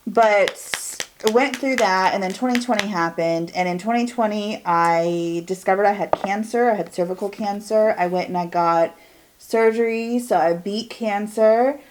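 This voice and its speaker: A woman's voice: medium pitch, noisy background. Chatty, candid woman in her forties. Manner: candid, chatty, drawn-out and trailing off. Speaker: beauty vlogger. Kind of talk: chatty get-ready-with-me monologue. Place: at home doing her makeup and hair.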